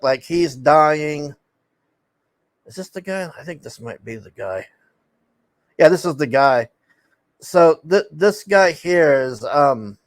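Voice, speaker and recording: A man with a somewhat high voice talks loosely through a show recap, full of "like" and restarts. He curses freely and wanders mid-sentence. The sound is close and dry, with no room around it. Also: dry recording. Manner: rambling, profane, full of fillers and restarts. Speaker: TV show reviewer.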